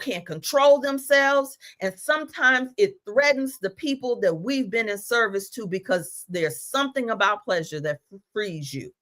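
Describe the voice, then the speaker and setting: A woman's voice: mid-range voice, a bit bright. A woman giving a spiritual teaching talk, preaching emphatically and reading out declarations. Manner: self-aware of talking fast.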